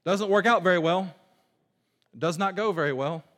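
A man preaching a sermon to a congregation, moving between forceful emphasis and hushed, low passages. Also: normal speed. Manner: dynamic preaching, swinging from loud emphasis to hushed low tones. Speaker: pastor. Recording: long reverb of a large hall.

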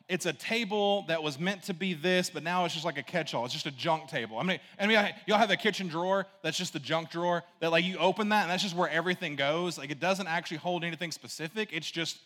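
A man's voice: a little high, a little fast, a bit bright, in a large hall. A man preaching a conversational sermon, casual and rambling, full of asides and "right?" checks to the congregation. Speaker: pastor.

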